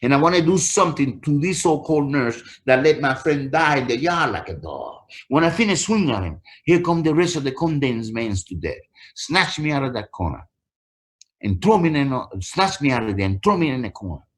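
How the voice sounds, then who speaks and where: Lively man telling his story. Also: medium pitch, a little fast. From Puerto Rico. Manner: emotional storyteller, repeats phrases for emphasis. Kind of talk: personal testimony on a webinar. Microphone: video call.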